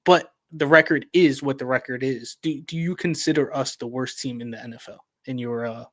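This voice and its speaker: A man's voice: medium pitch, a little fast, no room sound. A man on a casual sports podcast, easygoing, asking questions and often restarting his sentences. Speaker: podcast co-host.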